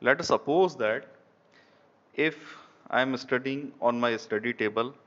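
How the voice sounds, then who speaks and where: A man with an Indian English accent giving an online engineering lecture, halting and repeating phrases, often saying "okay". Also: medium pitch, fairly bright tone. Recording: dull lo-fi recording.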